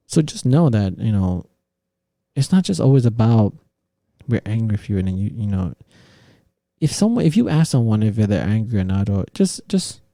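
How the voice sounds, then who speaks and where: A man hosting a casual podcast, ranting in an animated way and swearing constantly. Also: lowish voice, a little fast, no echo, studio quality. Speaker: podcast host. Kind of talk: casual opinion talk.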